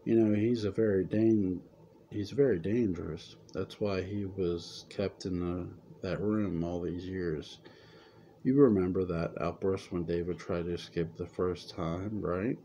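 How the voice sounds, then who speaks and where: A calm sanitarium orderly with a deep, dark voice, as the story's reader puts him on. He talks slowly and gently, coaxing a patient along in an audiobook-style reading. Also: dull audio, a little hiss or hum. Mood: soothing.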